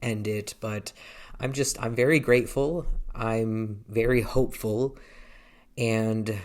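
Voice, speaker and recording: A man's voice: lowish voice, fairly even intonation, slow pace. Hesitant man in his thirties vlogging. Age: 30s. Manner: hesitant, rambling, many restarts. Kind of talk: casual vlog talk. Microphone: handheld camera.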